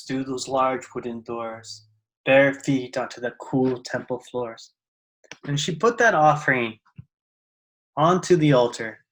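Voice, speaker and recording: A storyteller telling a fable in a soft, unhurried, conversational way. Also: medium pitch, poor audio. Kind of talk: oral storytelling, casual.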